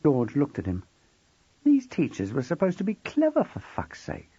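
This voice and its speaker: A man reading a novel aloud as an expressive, wry audiobook narrator. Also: medium pitch, normal speed, slightly rough, no echo, muffled recording.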